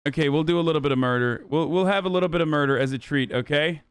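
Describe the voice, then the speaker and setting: A man's voice: a little high, very fast, clear, resonant tone, no echo. A young man hosting a livestream, reacting to videos in loose, profane, joking chat. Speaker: streamer host. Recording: dry close mic.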